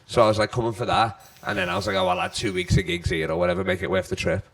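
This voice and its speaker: A man's voice: high voice, sing-song, rapid-fire, vocal fry, fairly bright tone. A man from the UK, a comedian guest, chatting loosely and swearing freely as he tells rambling stories. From United Kingdom. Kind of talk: casual podcast chat.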